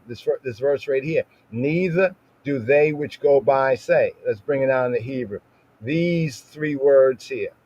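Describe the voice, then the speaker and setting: A man teaching scripture in a casual podcast talk, repeating words slowly to show how they sound and checking in with his listeners. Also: medium pitch, darkish tone, highs cut off.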